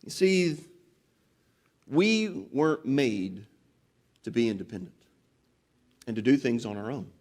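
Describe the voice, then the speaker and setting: A man preaching a sermon, expressive, acting out quoted people as he talks. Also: a little slow, long pauses. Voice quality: animated, voices quoted people dramatically. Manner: expressive, rises and drops pitch for emphasis.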